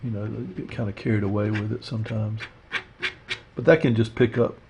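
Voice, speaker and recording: A man teaching a watercolor painting demo, talking through his steps in a relaxed, rambling way with lots of fillers. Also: on the low side, fairly quick, vocal fry, noisy background. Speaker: art instructor. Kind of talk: casual painting demonstration.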